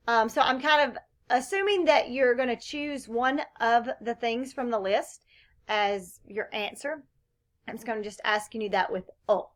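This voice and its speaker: A woman's voice: fairly high pitch, unhurried, fairly bright tone. Woman teaching Spanish questions. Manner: explanatory, models Spanish phrases with question inflection. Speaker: Spanish instructor. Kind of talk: recorded lecture.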